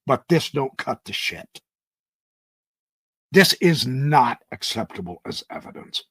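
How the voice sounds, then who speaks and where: On his own reaction channel, a man speaks emphatically and indignantly, often stumbling over the opening words of his sentences. His mid-range, husky voice is sing-song and a bit bright, and he takes it slowly. There's no echo.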